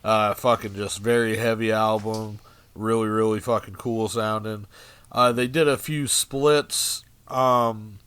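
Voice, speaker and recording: Podcast co-host, relaxed swearing style, smooth clear voice, dry close sound. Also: male voice, fairly low pitch, a little slow, dry recording. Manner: laid-back, profane, filler-heavy. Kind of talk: casual podcast chat. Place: studio.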